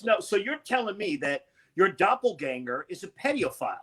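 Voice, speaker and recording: A man doing a loud, brash and profane stand-up set over a video call. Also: high voice, very animated, normal speed. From Connecticut. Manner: loud, brash and profane, with sudden shouted bursts. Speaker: stand-up comedian.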